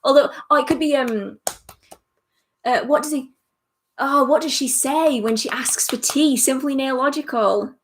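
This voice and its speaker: A young English woman hosting a casual livestream Q&A, chatty and self-deprecating, laughing often, filmed under bright lights at home. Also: high voice, a little slow, a little hiss or hum. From England. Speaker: witchcraft livestream host.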